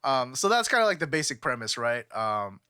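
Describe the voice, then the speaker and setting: A man's voice: medium pitch, sing-song, a little fast, sharp tone, smooth, dry recording, studio quality. A young man from California chatting on a podcast, rambling with lots of fillers and restarts. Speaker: podcast co-host. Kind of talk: casual podcast chat.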